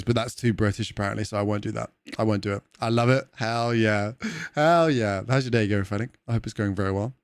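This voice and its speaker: A man's voice: fairly low pitch, no room sound, studio quality. A man chatting casually with viewers on a game livestream, rambling, swearing and laughing easily. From Wales. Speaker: gaming streamer.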